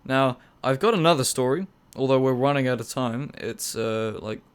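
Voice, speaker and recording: A man's voice: mid-range voice, normal speed, smooth. Rambling teen guy. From New Zealand. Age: teens. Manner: rambling, laughing, many fillers. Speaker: podcast co-host. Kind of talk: casual chat.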